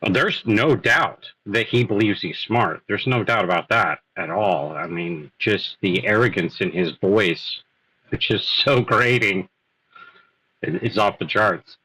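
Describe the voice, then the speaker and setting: A man's voice: fairly low pitch, a little slow, sharp tone, slightly rough, no room sound, rough recording. A man calling into a live-stream chat from his workplace, making dry, wry remarks. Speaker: guest caller.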